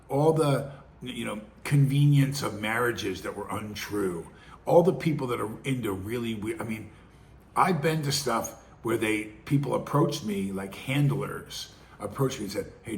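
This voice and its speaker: A man's voice: fairly low pitch, a little hiss or hum. A middle-aged man, hosting his own show with casual, rambling commentary full of restarts and acted-out quotes. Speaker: podcast host.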